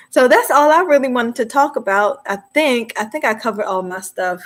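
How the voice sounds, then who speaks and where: Hosting a live movie discussion, a woman with a slightly high voice talks casually to her viewers at normal speed. She's lively and chatty and often breaks into laughter.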